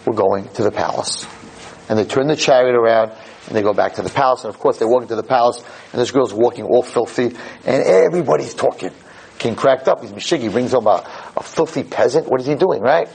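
Husky guy doing a torah lesson, tells stories animated, repeats stuff. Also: medium pitch, fast talker, poor audio. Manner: animated storytelling, repeating phrases for emphasis. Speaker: Torah teacher.

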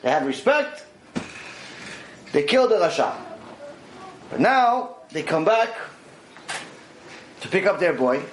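A man gives a religious lesson as an animated story, his fairly high voice rising and falling a lot as he plays out the exchanges between characters. The sound carries a roomy echo from the space he's in. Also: slow, long pauses, a little hiss or hum. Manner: animated, acts out dialogue in quoted voices. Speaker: Torah teacher. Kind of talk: storytelling lecture.

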